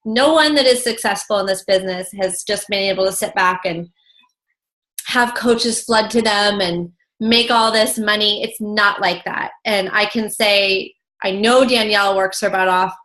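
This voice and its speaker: A woman's voice: mid-range voice, fairly even intonation, unhurried, a bit bright. A woman leading a motivational coaching call, talking in an emphatic, chatty way full of "like". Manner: emphatic, chatty, heavy use of "like".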